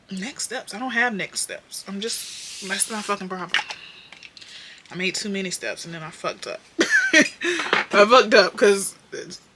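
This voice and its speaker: A young woman doing her makeup while chatting to her viewers, candid and profane, slipping from muttered whispers into loud bursts. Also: mid-range voice, background noise. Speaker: beauty vlogger.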